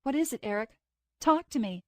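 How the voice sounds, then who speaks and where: A woman's voice: sits high, expressive, a little fast, darkish tone, dry recording, clean studio sound, pitched above the performer's own voice. A woman reading the lines of a level-headed young woman with a wry manner.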